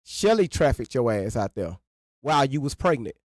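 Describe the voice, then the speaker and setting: A man's voice: mid-range voice, very animated, normal speed, dry recording, studio quality. A man giving heated reaction commentary, angry and profane, repeating himself for emphasis. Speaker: co-host of a reaction stream.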